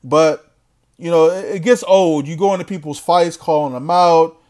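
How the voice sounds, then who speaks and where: Blunt trash-talking man, slightly high voice. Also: moderate pace, a little mellow. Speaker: boxing commentator. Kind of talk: casual rant to camera.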